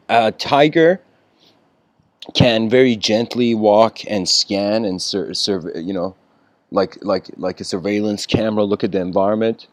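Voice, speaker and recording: A man with a fairly low voice tells a story in an informal lecture. He meanders with fillers, restarts and frequent throat clearing. The sound is close and dry. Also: fairly even intonation, moderate pace, no echo.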